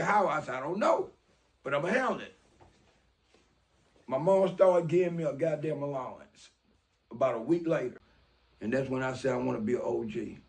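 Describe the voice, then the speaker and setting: A man's voice: fairly high pitch, warm tone. A man, telling a street story in a profane, streetwise way and acting out the dialogue. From Mobile, Alabama. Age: 60s. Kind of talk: casual personal storytelling.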